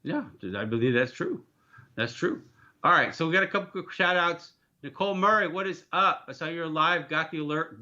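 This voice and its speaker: A man's voice: on the high side, normal speed, pushed and bright, dull audio. A man hosting a casual livestream, rambling and joking as he reads viewer comments. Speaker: livestream host.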